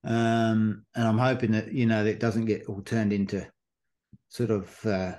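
A man's voice: on the low side, flat delivery, unhurried, a little mellow. A man hosting a running podcast, telling stories loosely with lots of fillers. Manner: rambling storyteller with many fillers. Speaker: podcast host. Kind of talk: casual chat.

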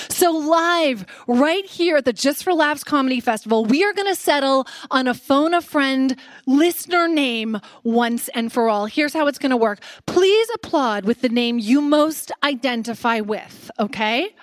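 Canadian woman, high voice, dry close sound, brash sarcastic comedy podcast host. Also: no echo. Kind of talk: live comedy podcast monologue. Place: stage before a live audience.

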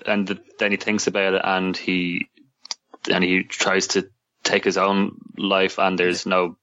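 A man's voice: low-pitched, completely flat delivery, a little slow, a bit bright, no echo. A man in casual chat, hesitantly recapping a plot and chiming in with short agreements. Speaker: co-host. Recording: dull lo-fi mic.

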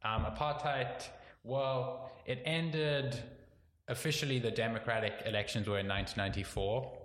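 A South African man in his twenties, chatting casually as a podcast guest, rambling with lots of fillers and quick laughs. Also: mid-range voice, a bit bright. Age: 20s. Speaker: comedian guest. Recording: echoey room, faint background noise.

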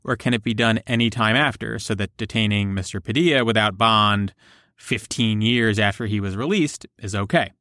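A man co-hosting a podcast, explaining a court ruling in steady casual talk. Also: fairly low pitch, moderate pace, dry recording, clean studio sound. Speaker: podcast co-host.

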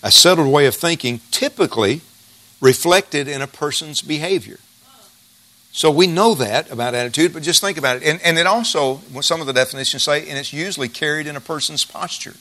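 A man's voice: a little high, brisk, pushed and bright. A middle-aged male pastor preaching a sermon in a folksy, emphatic way, repeating key phrases.

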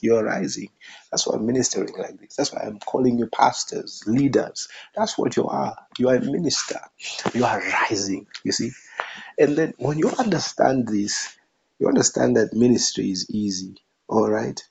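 A man's voice: medium pitch, animated, moderate pace, vocal fry, darkish tone, husky, lo-fi sound. A man preaching a sermon, emphatic, repeating his phrases for effect.

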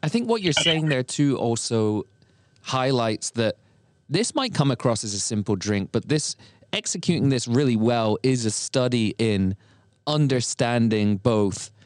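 A man's voice: mid-range voice, a little mellow, no room sound. Thoughtful man hosting a podcast, dry sound. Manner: thoughtful, asks follow-up questions. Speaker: podcast host. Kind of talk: casual podcast interview.

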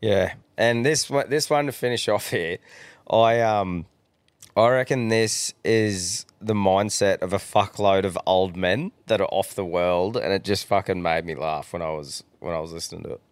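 A man's voice: low voice, normal speed, clean tone, no room sound. A young Australian man co-hosting a casual podcast, laid-back and encouraging, swearing freely. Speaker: podcast co-host.

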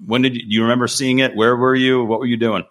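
A man's voice: mid-range voice, level tone, fast. A man hosting a casual podcast, asking guests leading questions in a friendly, conversational way. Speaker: podcast host. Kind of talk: casual interview chat.

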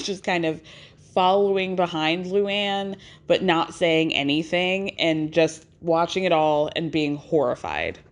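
Lively, chatty woman recapping. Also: fairly low pitch. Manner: chatty, animated, acts out quoted lines. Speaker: podcast host recapping a reality show. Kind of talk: casual recap narration.

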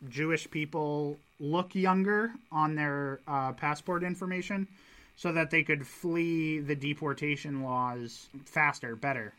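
A man's voice: fairly high pitch, sharp tone. A man co-hosting a podcast, telling a story in a casual, joking way with many asides. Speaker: podcast co-host. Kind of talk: casual chat.

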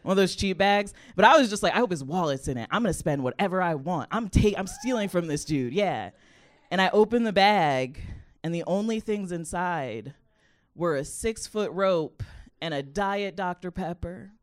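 A young adult woman comedian telling a personal story in a chatty, animated way, laughing often and using a lot of "like" fillers. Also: fairly low pitch, moderate pace.

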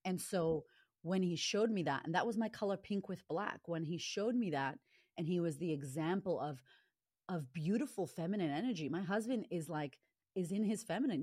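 Blunt, outspoken woman with a low voice. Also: animated, moderate pace, darkish tone, husky, no room sound, studio quality. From Latina upbringing. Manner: blunt, swears freely, passionate. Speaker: guest, confidence coach and author. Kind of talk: candid interview talk.

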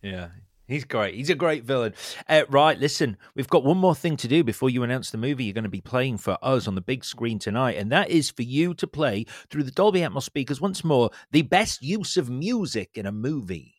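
A man hosting a casual interview, relaxed and steering the questions with fillers. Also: mid-range voice, a little fast, dry recording, studio quality. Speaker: interview host.

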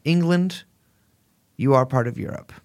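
A man's voice: mid-range voice, a little slow, vocal fry, a little mellow. A man co-hosting a podcast in casual, joking chat, rambling with restarts and swearing. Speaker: podcast co-host.

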